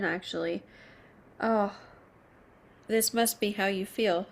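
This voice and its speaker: A woman giving a tarot reading to her viewers, soft and reassuring, moved almost to tears, slowing down as she names each card. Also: mid-range voice, fairly even intonation, gravelly. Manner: soft, emotional, reassuring, slow at card pulls. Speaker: tarot reader. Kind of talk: intimate tarot reading to camera.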